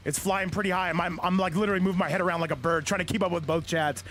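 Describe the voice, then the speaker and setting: A man hosting a live esports tournament stream, commentating excitedly and often shouting, talking quickly until he runs out of breath. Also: high voice, a little hiss or hum. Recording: loud game music behind.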